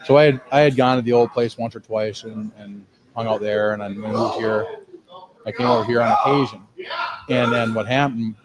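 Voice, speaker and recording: A middle-aged man who owns a cigar lounge, telling his story in an animated, casual way on a podcast and acting out the dialogue he quotes. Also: medium pitch, moderate pace, over a noisy crowd, low-quality recording. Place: cigar lounge with people around.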